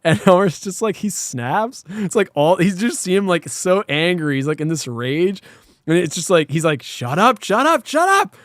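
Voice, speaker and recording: Animated man retelling a TV episode. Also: sits high, moderate pace, dry recording, studio quality. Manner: animated retelling, swears freely, acts out lines and sound effects. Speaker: podcast co-host. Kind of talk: casual chat recapping an episode.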